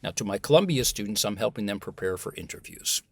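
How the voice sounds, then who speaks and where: An American man, a communication professor, talking as a guest in a conversational interview, animated and emphatic. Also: lowish voice, fast, dry recording. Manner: animated and emphatic, acts out example voices.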